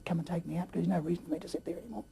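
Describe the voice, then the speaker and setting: A man telling his story in a rambling way, with many fillers and throat clearing. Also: high voice, steady tone, very fast, dark tone, a little hiss or hum. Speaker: interview guest. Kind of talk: casual storytelling.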